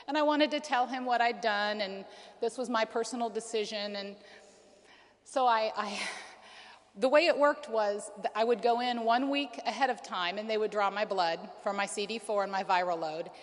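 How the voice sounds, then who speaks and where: A woman in her forties gives an earnest personal testimony in a conference hall, her words echoing in the reverberant space. Her voice is a little high and her speed normal, with frequent ums and restarts.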